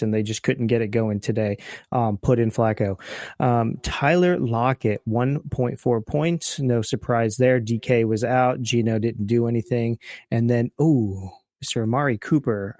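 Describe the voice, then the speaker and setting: A man co-hosting a casual fantasy football podcast, speaking in a relaxed, hesitant way with many ums. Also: medium pitch, no room sound, clean studio sound. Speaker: podcast co-host.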